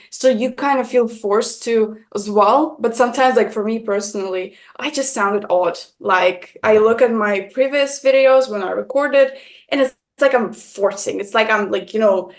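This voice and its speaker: A woman's voice: a little high, normal speed. An Estonian woman with an accent between American and British English, chatting animatedly as a guest and using many fillers. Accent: mix of American and British English. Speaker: guest, content creator. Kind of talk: casual conversation.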